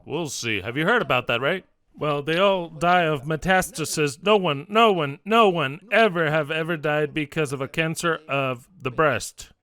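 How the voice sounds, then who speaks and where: A man's voice: on the high side, normal speed, clear, resonant tone. A man preaching a sermon, emphatic and repetitive, acting out little stories as he goes. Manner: emphatic, repetitive, lively storytelling.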